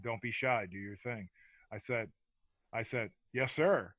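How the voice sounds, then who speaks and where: A man's voice: mid-range voice, unhurried, fairly bright tone, dry recording, low-quality recording. A man in his forties, a former hockey enforcer, telling profane, laid-back stories as a podcast guest. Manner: profane, laid-back storyteller with filler words. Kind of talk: casual storytelling chat.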